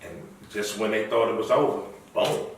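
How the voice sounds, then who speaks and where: A man's voice: fairly low pitch, normal speed, a little hiss or hum. A middle-aged man as an interview guest, chatting casually and telling stories animatedly. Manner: animated storyteller, acts out quoted lines. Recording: echoey room, far from mic.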